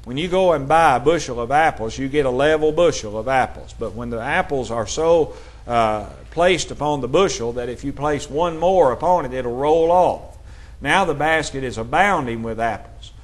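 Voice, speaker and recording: A man preaching a sermon, reading scripture aloud and explaining it in a measured way. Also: medium pitch.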